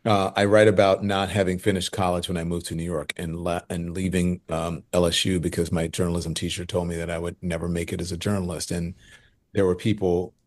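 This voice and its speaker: A man in his fifties from Louisiana, a guest journalist telling lively stories in an interview and acting out what others said. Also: low-pitched, fairly quick. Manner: animated, lively storyteller who acts out quoted voices. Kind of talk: conversational interview storytelling.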